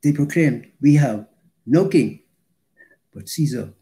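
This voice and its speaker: A man preaching a sermon, slow and deliberate, pausing between phrases and reading scripture aloud for emphasis. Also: mid-range voice, lively intonation, mellow.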